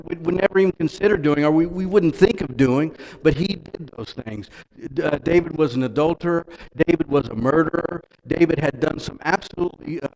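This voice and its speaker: A male pastor preaches in a church, moving from easy, conversational talk to loud, emphatic stretches and often repeating his words. His voice sits a little high for a man. The sound rings with the long reverb of a large hall. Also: creaky. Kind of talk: sermon.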